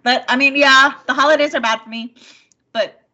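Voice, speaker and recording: A woman talks openly in a personal conversation, her voice bright and forward. She stumbles and repeats herself, leaning on "like" and "you know." The sound is a little dull and lo-fi. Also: high voice, fairly even intonation. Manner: halting, repeats words, many "like" and "you know". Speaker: mother sharing personal struggles.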